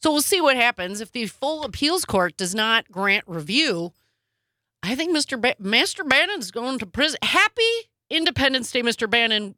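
Lively, sarcastic woman co-host. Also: on the high side, dry recording, studio quality. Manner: animated, sarcastic, quick asides. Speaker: podcast co-host. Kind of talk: casual news chat.

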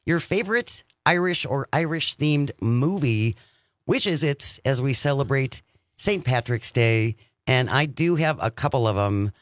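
Lively, animated male radio host. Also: mid-range voice, a little slow, no room sound, studio quality. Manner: animated, reads out the phone number and listener texts. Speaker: radio talk show host. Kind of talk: casual radio chat.

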